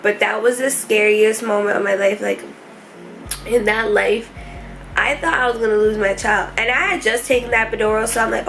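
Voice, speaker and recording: A young woman telling her hospital story to camera in a casual vlog, emotional and rushed, with many fillers. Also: mid-range voice, fairly even intonation, a bit bright, soft background music, rough recording. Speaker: vlogger. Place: hospital room.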